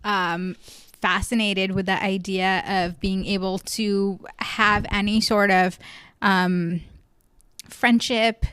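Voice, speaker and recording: A woman's voice: mid-range voice, fairly even intonation, takes it slowly, fairly bright tone, clean tone, no echo, studio quality. A young woman co-hosting a casual book club podcast, thoughtful and rambling with many filler words. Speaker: podcast co-host.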